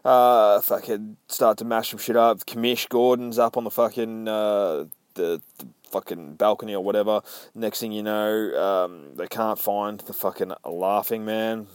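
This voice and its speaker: A man's voice: fairly low pitch, fairly even intonation, measured pace, smooth, no room sound. A man recapping a comic book in casual chat, swearing constantly and acting out the characters' lines.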